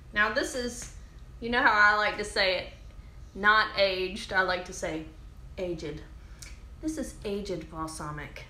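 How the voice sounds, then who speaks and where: A woman hosting a casual cooking demo, chatty and excitable, calling her viewers y'all. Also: mid-range voice, echoey room. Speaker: cooking show host.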